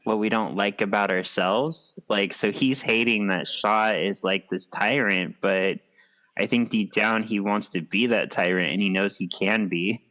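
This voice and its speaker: A man's voice: fairly low pitch, fairly even intonation, measured pace, bright, forceful tone, rough recording. A man co-hosting a movie podcast, thoughtfully discussing characters and story choices with light laughs. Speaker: podcast co-host.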